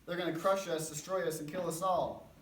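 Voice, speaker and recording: A man's voice: on the high side, fairly even intonation, brisk, a little hiss or hum, close to an everyday voice. A man voicing a panicked, grumbling crowd complaining to their leader. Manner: complaining, exasperated. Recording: roomy, distant mic.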